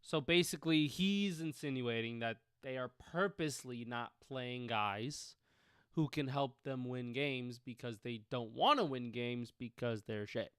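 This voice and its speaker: Bright-voiced profane male sports podcaster. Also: medium pitch, unhurried, smooth, no room sound, clean studio sound. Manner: profane, loose, joking. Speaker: podcast co-host. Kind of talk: casual sports chat.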